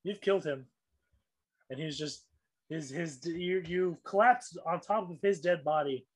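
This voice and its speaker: Brief: male dungeon master, slightly high voice, relaxed narration. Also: unhurried, husky. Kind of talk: running a tabletop game.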